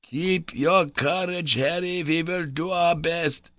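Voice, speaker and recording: A man voicing an older scholarly uncle who speaks slowly and reassuringly, with a raised pitch. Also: a bit bright, dry recording. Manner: slow, deliberate and reassuring. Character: older male scholar uncle, steady and encouraging.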